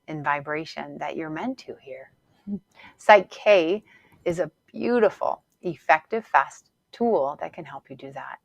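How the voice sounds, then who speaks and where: A woman hosting a spiritual podcast, speaking in a gentle, repetitive, affirming way with soft laughs. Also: on the low side, dry recording. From Northern Hemisphere. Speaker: podcast host and Psych-K instructor. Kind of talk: gentle motivational spiritual talk.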